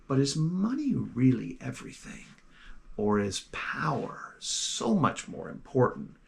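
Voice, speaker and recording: An elderly gentleman mage, soft and unhurried, coaxing a young man toward hidden power, as a game master puts him on. His voice sits at a middle pitch and stays quiet and slow, with a smooth, beckoning pull. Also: very animated, full character voice. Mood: persuasive. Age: older.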